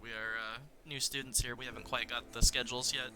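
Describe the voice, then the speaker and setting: A man's voice: medium pitch, level tone, fast, over music. A man playing a tabletop game, answering in character with easygoing, brief replies. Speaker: player. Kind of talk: tabletop role-play in character.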